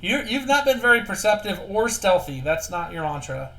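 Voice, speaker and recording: A man's voice: high-pitched, big pitch swings, moderate pace, sharp tone, low-quality recording. A man running a tabletop game as game master, talking in an easygoing, jokey way.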